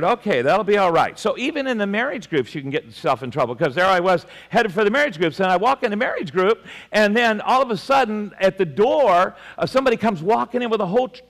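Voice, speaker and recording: A man with a high voice preaches to his congregation, telling a homely story with humor at his own expense. He trips over and repeats words as he goes, and his voice rings with the long echo of a church hall. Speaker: pastor. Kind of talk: sermon.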